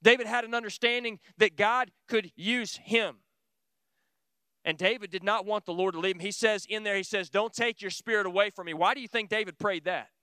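Man, sermon, high voice, smooth and clear, dry close sound. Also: moderate pace, pushed and bright, dry recording. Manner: earnest, emphatic preaching with rhetorical questions. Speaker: pastor. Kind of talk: sermon to a small group.

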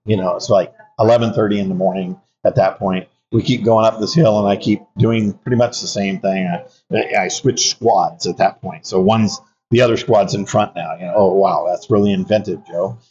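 Low, mellow-voiced older veteran man. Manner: reflective, anecdotal, many fillers and restarts. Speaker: Army veteran guest. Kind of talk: conversational interview storytelling. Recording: dull lo-fi audio.

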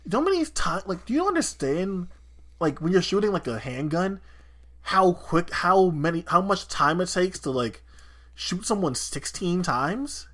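Podcast co-host, male, fired-up rambling rant, bright forward voice. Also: sits high, sing-song, moderate pace. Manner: heated, swearing, rambling with restarts. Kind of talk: casual chat.

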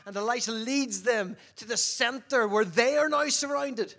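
Brief: a man delivering a sermon, fairly high voice, engages listeners with questions, shifts from forceful to hushed. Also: moderate pace. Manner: questions the audience, swings between loud emphasis and quiet. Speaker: preacher.

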